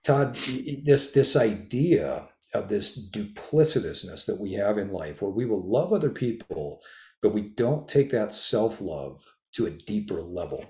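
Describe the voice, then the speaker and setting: Male podcast host, low voice, animated storyteller who swears for emphasis, echoey room. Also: unhurried. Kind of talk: casual podcast conversation. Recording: roomy echo.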